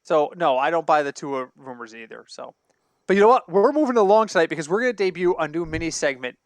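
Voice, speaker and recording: A man with a fairly high voice co-hosts a sports podcast, spinning rambling, animated stories full of self-corrections. His voice is close and dry, recorded on a home computer mic over an online call. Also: fast, dry recording. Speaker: podcast co-host. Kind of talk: casual sports podcast banter.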